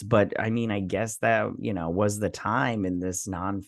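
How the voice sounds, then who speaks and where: A man's voice: fairly low pitch, moderate pace, hardly any pauses, no room sound, studio quality. A man hosting a casual review channel, recapping a TV episode in a rambling, chatty way with lots of fillers and some mild swearing. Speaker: show host reviewing a TV episode.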